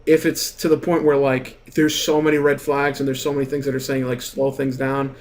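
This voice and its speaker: A young man telling a story in a casual, rambling rant, animated and full of swearing and filler words. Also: medium pitch, a little fast. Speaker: gaming streamer.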